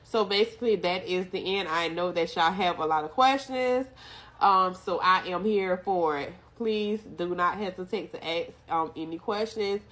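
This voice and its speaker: A woman telling her own story in a casual, animated way, speaking straight to her viewers. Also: lowish voice, normal speed.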